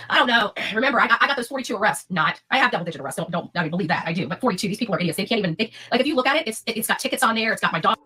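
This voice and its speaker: A woman's voice: medium pitch, lively intonation, rapid-fire, sharp tone, husky. A woman from Florida ranting indignantly in a casual live panel chat.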